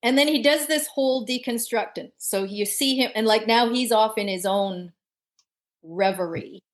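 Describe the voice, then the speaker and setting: A woman guest telling a story in conversation, lively and laughing often. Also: fairly high pitch, moderate pace. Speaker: podcast guest.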